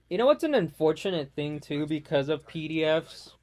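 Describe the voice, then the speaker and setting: A man's voice: on the high side, very animated, normal speed, a little mellow. A man ranting casually and profanely over gameplay, rambling from one gripe to the next. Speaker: gaming vlogger.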